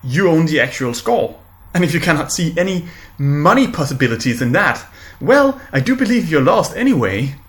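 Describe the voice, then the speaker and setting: A man composer giving a meandering, repetitive spoken lesson, often halting on purpose. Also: on the high side, very animated. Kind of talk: rambling spoken lecture. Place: large music venue. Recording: echoey room with loud music. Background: loud music.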